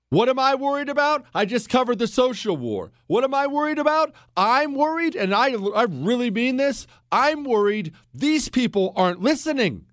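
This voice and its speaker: A man hosting a talk radio show, his voice riding high and swinging widely in pitch as he hammers home each point. He talks bluntly and keeps firing rhetorical questions. The sound is dry and close, like a studio booth. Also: fairly bright tone, dry recording. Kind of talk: opinionated political talk radio monologue.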